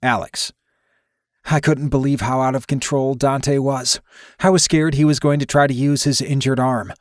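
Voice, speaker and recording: A man reading a first-person romance audiobook in a steady, intimate storytelling manner. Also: mid-range voice, normal speed, no echo, clean studio sound. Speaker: audiobook narrator.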